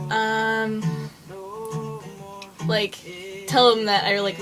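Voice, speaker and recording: A woman's voice: on the high side, rough recording. Chatty teenage girl over guitar music. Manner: chatty, full of likes and ums. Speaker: vlogger. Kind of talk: casual storytelling to camera. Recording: guitar music playing underneath.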